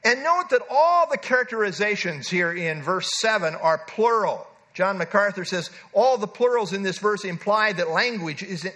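Male preacher, high bright voice, earnest emphatic Bible teaching. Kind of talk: expository sermon.

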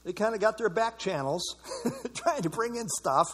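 A man's voice: sits high, very animated, moderate pace, breathy edge. A man leading an evening church Bible study in a casual, conversational way, commenting on verses and asking the group for thoughts.

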